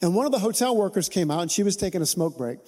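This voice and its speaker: High-voiced man preaching a sermon. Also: animated, rapid-fire, dark tone. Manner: conversational, humorous, asks the congregation to respond. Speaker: pastor.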